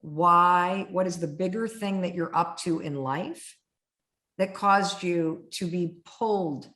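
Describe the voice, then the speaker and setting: A woman hosting a podcast in casual chat, animated, often acting out her inner voice in a higher tone. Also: slow. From United States. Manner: animated, acts out her own inner voice in high tones. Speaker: podcast host. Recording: roomy echo.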